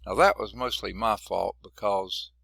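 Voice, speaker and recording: Gravelly-voiced folksy math lecturer, man. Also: on the low side, a little slow, fairly bright tone, no echo. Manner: folksy, chatty, asks the class questions. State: losing his voice. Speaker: math instructor. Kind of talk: classroom lecture.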